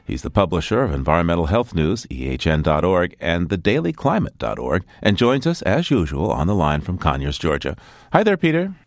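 A low-pitched male radio host with a wry, bantering manner. His pitch swings widely as he talks. The sound is dry, with no room around it. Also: very animated, brisk, dry recording. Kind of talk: scripted radio interview.

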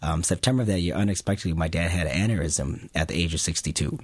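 A man telling a personal family story to an audience, earnest and halting, often restarting his sentences. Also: low-pitched, slightly rough, dry recording.

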